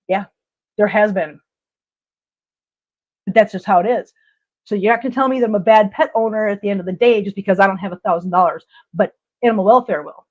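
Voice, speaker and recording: A woman's voice: mid-range voice, darkish tone, muffled recording. Blunt emphatic woman hosting a live chat. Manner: emphatic, repeats herself, blunt and emotional. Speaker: live stream host. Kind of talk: casual live chat reading viewer comments.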